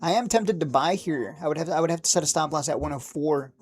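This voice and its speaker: A man hosting a stock trading livestream, talking casually and excitably, rambling, cursing now and then, and laughing at his own jokes. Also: fairly high pitch, fast, soft background music. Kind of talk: live market commentary.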